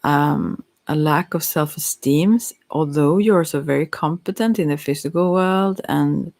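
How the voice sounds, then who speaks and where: A softspoken ASMR psychic with Swedish as a first language, giving a halting, hesitant chakra reading while teary-eyed. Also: mid-range voice, gravelly. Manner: halting, hesitant, with many fillers. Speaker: psychic card reader.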